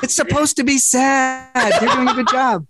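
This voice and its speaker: A woman in a casual comedy chat, wry and low-key, answering in short agreeing replies. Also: fairly even intonation, moderate pace, over a noisy crowd. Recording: loud background noise and clicks.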